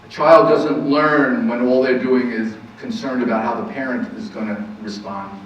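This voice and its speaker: A man's voice: mid-range voice, steady tone, normal speed. A man counselor giving an earnest talk on parenting to an audience, repeating key points and asking rhetorical questions. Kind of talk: lecture to a live audience. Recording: very echoey, distant, muffled room recording.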